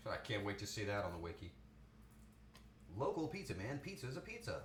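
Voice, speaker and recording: Dude cooking live and chatting w his chat, lively up and down voice, roomy kitchen w faint noise. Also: mid-range voice, fairly quick, long pauses. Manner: playful, chatty, answers chat aloud. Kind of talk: casual cooking stream chat. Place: home kitchen.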